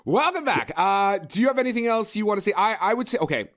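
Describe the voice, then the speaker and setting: A man's voice: high voice, fast, a bit bright. A man hosting a movie podcast in a casual, joking way, teasing his co-host and easily getting sidetracked. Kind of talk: casual chat.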